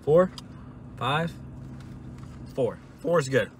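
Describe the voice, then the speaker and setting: Easygoing young dude rambling about food in a car, faint car hum behind. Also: male voice, medium pitch, animated, very slow. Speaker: podcast co-host doing a food review. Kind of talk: casual chat while eating. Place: inside a parked car.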